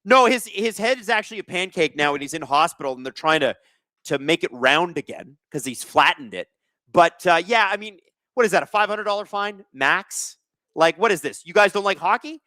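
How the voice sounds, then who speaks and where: A man's voice: a little high, expressive, moderate pace, bright, forceful tone, no room sound. A man hosting a casual live sports watch-along, reading chat aloud and joking sarcastically, with plenty of swearing. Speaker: livestream host.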